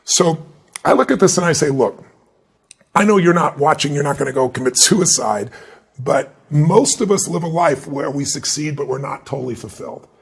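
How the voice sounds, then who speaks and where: A middle-aged man, a motivational speaker answering an interview, telling stories in an animated way and acting out the voices of people he quotes. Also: fairly high pitch, moderate pace, creaky, slightly rough.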